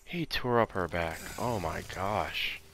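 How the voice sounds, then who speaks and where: Slow-talking joking male gamer. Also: low-pitched, slight background noise. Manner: exclamatory, joking. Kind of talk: casual gameplay commentary. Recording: game audio with loud music.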